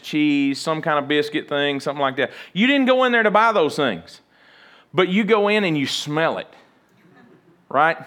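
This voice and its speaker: A male pastor delivers a sermon in a loose, conversational way. He jokes with the congregation and acts out little everyday scenes as he goes. His voice sits a little high for a man. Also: fairly bright tone.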